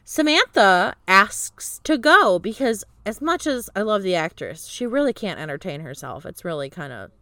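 A woman co-hosting a podcast and bluntly recounting the plot. Her bright voice rises and falls freely. The recording is dry and close. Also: medium pitch, sing-song, normal speed, few pauses, no echo. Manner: blunt, swearing, retelling plot. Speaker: podcast co-host. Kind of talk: casual chat recapping an old sitcom.

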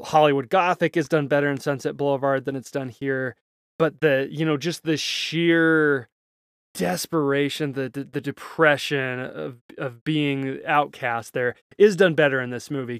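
A man's voice: a little high, steady tone, normal speed, a bit bright, no room sound, studio quality. A man co-hosting a podcast, comparing films in a casual, analytical way with small chuckles. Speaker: podcast co-host. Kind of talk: casual film discussion.

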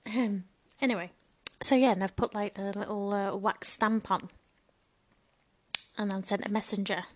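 A woman's voice: mid-range voice, fairly even intonation, normal speed. Bawdy woman rambling. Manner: frank, bawdy, chatty, laughs often. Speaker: vlogger. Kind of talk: comedic rambling monologue.

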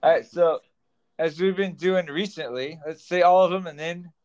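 A man's voice: fairly high pitch, steady tone, normal speed, darkish tone. A man co-hosting a casual podcast, a teacher telling stories in a chatty way. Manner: chatty storyteller, laughs often. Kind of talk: casual chat.

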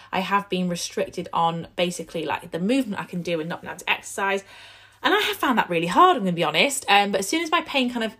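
Croaky chatty woman. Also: mid-range voice, a bit bright. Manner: chatty, many fillers and restarts. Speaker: podcast host. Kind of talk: casual solo podcast chat.

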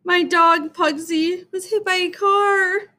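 A woman reading a storybook aloud, voicing a little schoolgirl who talks in a tearful, high, pleading way. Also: animated, unhurried, a bit bright.

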